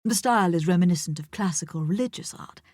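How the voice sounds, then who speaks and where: A woman voicing an affected male art collector in an audiobook, with a theatrical, drawn-out manner. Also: fairly low pitch, a little mellow, no echo, studio quality, natural voice. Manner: exaggerated, drawn-out pronunciation. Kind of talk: audiobook character voice.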